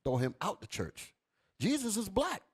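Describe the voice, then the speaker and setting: A fiery male preacher with a fairly high voice that leaps all over the place. He commands a reader to read and then drives each verse home, dropping low and quiet, then rising loud and high. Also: huge pitch swings, moderate pace, husky. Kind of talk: street sermon with scripture reading.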